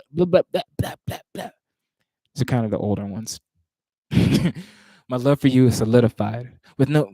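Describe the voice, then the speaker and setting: A man practicing spoken word poetry in a dry, close-sounding space. His pitch sits in the middle range. He recites his verses with rising intensity, then drops into quiet asides to himself about his pacing and starts the lines again. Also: dry recording. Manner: stops and restarts lines, talks asides to himself; rises louder and higher when reciting.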